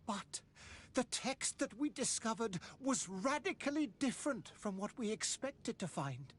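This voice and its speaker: A persecuted female scholar in a video game, grave and resigned yet firm. Her voice sits somewhat high. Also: expressive, unhurried, slight background noise.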